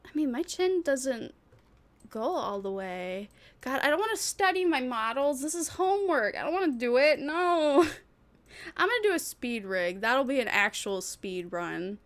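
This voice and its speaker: A woman's voice: high voice, big pitch swings, unhurried. A woman VTuber chatting casually on a livestream, rambling and thinking aloud with frequent giggles. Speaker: VTuber streamer.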